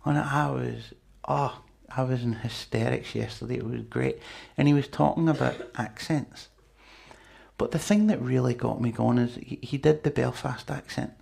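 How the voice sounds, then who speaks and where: A man's voice: medium pitch, normal speed, vocal fry, a little mellow, breathy edge. A man preaching a sermon in a chatty, conversational way, with asides to the congregation.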